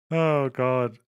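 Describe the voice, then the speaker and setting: A man's voice: medium pitch, clean tone, highs cut off. Sarcastic cursing male streamer. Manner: crude, laughing, sarcastic asides. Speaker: streamer host. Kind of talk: casual live reaction chat.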